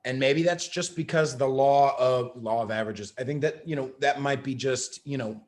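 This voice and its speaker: A man hosting a podcast, ranting in a profane, emphatic way and sometimes shouting. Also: medium pitch, moderate pace. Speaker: podcast host.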